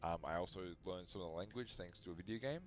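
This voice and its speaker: A man's voice: deep voice, fast, muffled recording, music in the background. A man chatting casually while streaming a video game, rambling and poking fun at himself. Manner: rambling, self-mocking, chatty. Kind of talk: casual live-stream chat.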